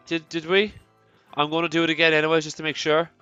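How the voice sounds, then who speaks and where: A man's voice: on the high side, flat delivery, fast talker, bright, forceful tone, clear, resonant tone, dull audio, soft background music. A man with an Irish accent hosting a let's play, chatty, rambling and self-deprecating as he comments on the game. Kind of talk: casual gameplay commentary.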